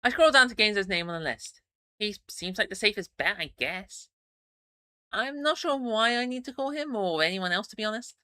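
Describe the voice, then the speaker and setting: A man's voice: high-pitched, expressive, moderate pace, sharp tone, no echo, studio quality. A man streaming, reading a story game aloud and chatting between passages, with stammering restarts and chuckling asides.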